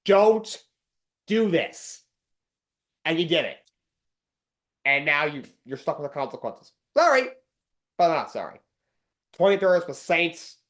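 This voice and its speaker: Host type: man with a slightly higher voice, blunt, rants, repeats points for emphasis. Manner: blunt, ranting, repeats himself. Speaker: sports podcast host. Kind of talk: opinionated solo sports talk.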